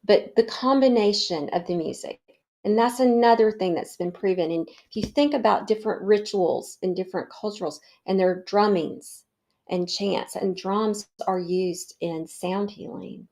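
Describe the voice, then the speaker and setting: A middle-aged woman hosting a wellness show, telling a personal story in a warm, reflective way with fillers. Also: mid-range voice, unhurried. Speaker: podcast host.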